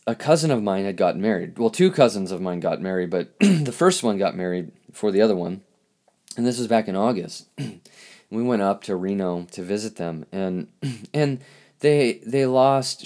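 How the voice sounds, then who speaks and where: A man hosting a podcast, speaking in a halting, reflective monologue with lots of restarts, and openly emotional. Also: lowish voice, a little mellow. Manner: halting, searching for words, emotional. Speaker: podcast host.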